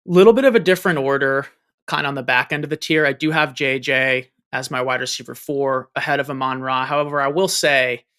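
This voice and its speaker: A man's voice: medium pitch, fairly even intonation, brisk, a bit bright, clean tone. A man who is a guest analyst in a casual sports chat, confidently laying out his reasoning point by point.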